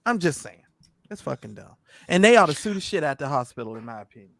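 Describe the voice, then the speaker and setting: A man's voice: fairly high pitch, big pitch swings, fast, gravelly, fairly bright tone, no room sound. A man co-hosting a casual opinion chat, blunt and profane, hammering his points hard. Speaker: co-host.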